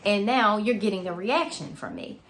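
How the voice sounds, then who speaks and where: A woman's voice: medium pitch, lively intonation, normal speed, a bit bright, a little hiss or hum. A mother talking earnestly in a loose, conversational monologue, sharing advice. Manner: earnest, conversational, speaks in loose repeating phrases.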